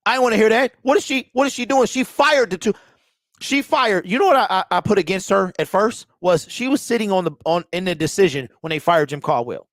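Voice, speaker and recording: Man, high voice, fan show host, heated exasperated rant, repeats himself, dry sound. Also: brisk, a bit bright, no echo. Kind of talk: postgame fan call-in rant.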